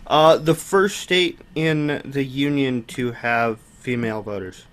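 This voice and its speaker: A man's voice: medium pitch, slow pace, a bit bright, clean tone. A young man from Wyoming in a casual podcast chat, easygoing and sharing trivia.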